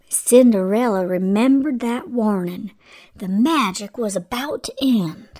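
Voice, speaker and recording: Slow, gentle woman telling a bedtime story. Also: medium pitch. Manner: gentle, slow, sometimes drops to a whisper. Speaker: storyteller and radio host.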